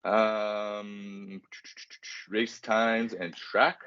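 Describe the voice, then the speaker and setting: Very low-voiced man rambling casually. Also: level tone, very slow, fairly bright tone, clean tone. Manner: rambling, self-deprecating, casual filler-heavy. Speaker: podcast co-host. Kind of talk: casual podcast chat. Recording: dry, dull lo-fi sound.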